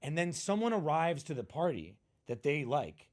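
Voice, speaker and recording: A male comedian guest, telling stand-up stories in a punchy, animated way and acting out the people in them. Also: normal speed. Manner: punchy storyteller, acts out quotes with big jumps in pitch. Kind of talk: animated storytelling chat.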